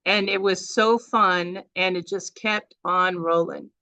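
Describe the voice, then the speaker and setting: Over a video call, a chatty woman runs a workshop and rambles a bit as she presents. Her bright, forward voice sits lowish, with a steady tone and slow pace, recorded dry with no echo or room sound.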